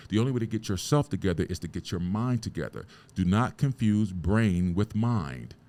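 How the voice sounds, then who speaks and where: Pria bersuara rendah dengan gaya ceramah yang bersemangat. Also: male voice, fairly low pitch, lively intonation, normal speed, mellow. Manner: preachy, emphatic, asks rhetorical questions; swears casually. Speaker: podcast host. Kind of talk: motivational podcast talk.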